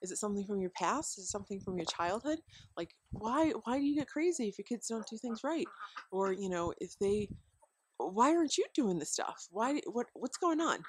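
A woman's voice: mid-range voice, big pitch swings, normal speed, slight background noise. A woman giving casual parenting advice to the camera outdoors, rambling with many fillers and frequent chuckles. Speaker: homeschooling parent vlogger. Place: outdoors at home by a deck with chickens.

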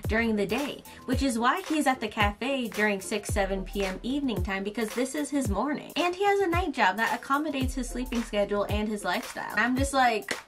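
A young woman with a high, bright-pitched voice tells a storytime tale in a casual, animated way. She is dramatic and quick to shriek or swear, with background music underneath. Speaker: YouTuber telling a story.

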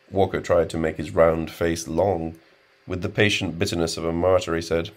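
A man reading an audiobook in a measured, subdued narration. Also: low voice, fairly even intonation. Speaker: audiobook reader.

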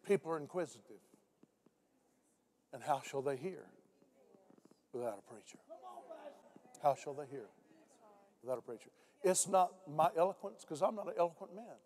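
An older man preaching a sermon to a church congregation, dropping his voice low when he tells stories. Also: animated, normal speed, long pauses, darkish tone. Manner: storytelling preacher, voice drops low for quoted speech. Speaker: pastor. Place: church sanctuary.

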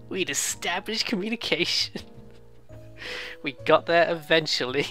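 A let's play host giving casual, giggly commentary on a game, making quick self-deprecating asides. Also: mid-range voice, sharp tone, faint music behind.

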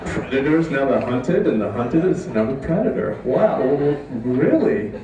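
A man telling a comic true story on a live stage, with a deadpan, mock-dramatic delivery. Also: medium pitch, moderate pace, dull audio, background noise. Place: live stage before an audience. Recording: echoey room, distant mic, faint ambience.

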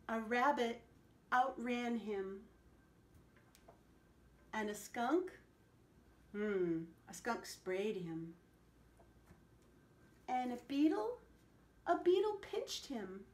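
A woman telling a picture-book story to children, animated and asking them questions along the way. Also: mid-range voice. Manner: animated, asks the listeners questions. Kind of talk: picture-book read-aloud. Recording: echoey room.

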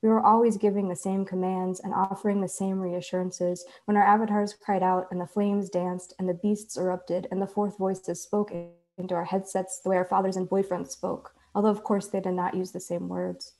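A woman author reading her own fiction aloud in a measured, deliberate way. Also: mid-range voice, little pitch movement, a little mellow. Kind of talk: literary reading.

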